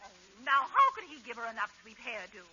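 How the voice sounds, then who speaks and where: An actress playing a prim, gushing spinster client with a prissy, affected manner, 1940s radio comedy acting. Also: female voice, fairly high pitch, very animated, brisk, sharp tone, heavily acted. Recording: dull 1940s radio broadcast, faint hiss.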